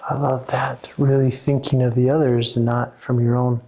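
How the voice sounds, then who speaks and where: A man's voice: mid-range voice, little pitch movement, normal speed, a little mellow. Earnest man talking with many restarts. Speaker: therapist and coach. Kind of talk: talk to a small audience.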